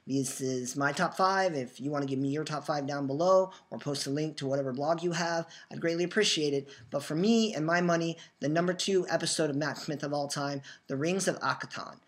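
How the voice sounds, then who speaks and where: A young man hosting a fan show, talking earnestly in a rambling way and restarting his sentences often. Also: medium pitch. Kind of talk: casual fan commentary. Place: new home, just moved in.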